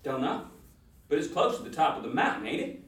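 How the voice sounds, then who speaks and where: A man playing a crude, deadpan ranger sidekick. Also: fairly high pitch, brisk. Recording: roomy, distant-mic recording.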